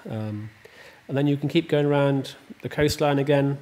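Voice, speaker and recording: A man talks casually in an interview at an ordinary, middle pitch. He rambles warmly from one point to the next, full of ums and self-corrections. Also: normal speed. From Ireland. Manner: rambling, chatty, many ums and restarts. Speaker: host and estate owner.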